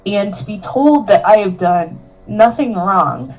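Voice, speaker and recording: A woman's voice: medium pitch, big pitch swings, unhurried, a little mellow, rough recording. A woman, a professional wrestler, telling her story in a candid interview, earnest and emotional, often quoting herself and others. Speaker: professional wrestler, podcast guest.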